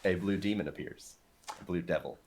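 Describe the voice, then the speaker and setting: A man acting as dungeon master, narrating a tabletop game and slowly voicing its characters. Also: low voice, darkish tone.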